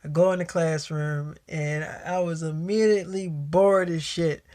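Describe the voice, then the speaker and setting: A man's voice: a little high, steady tone, measured pace, darkish tone. A man telling a personal story in a casual, slangy way, full of profanity and quoted back-and-forth dialogue.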